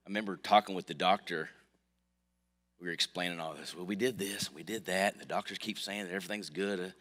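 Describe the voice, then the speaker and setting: Male pastor, low voice, lively sermon delivery, reverberant sanctuary sound. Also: a little fast. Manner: lively storytelling preacher with swings from quiet to loud. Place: church sanctuary. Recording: long hall reverb.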